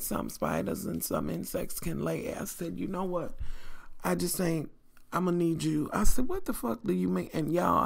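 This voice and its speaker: Woman, middle-aged, vlogger; heavy vocal fry, colorful cussing, talks straight to her viewers. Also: on the low side. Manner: animated, profane, addresses viewers as y'all. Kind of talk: storytime vlog.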